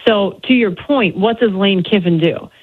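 A woman sports reporter calling in to a news show, explaining the story briskly. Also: mid-range voice. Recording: tinny phone line.

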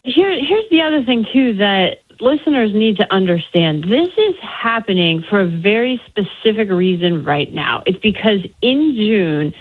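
A woman sports reporter calling in to a news show, explaining the story briskly. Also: medium pitch. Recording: tinny phone line.

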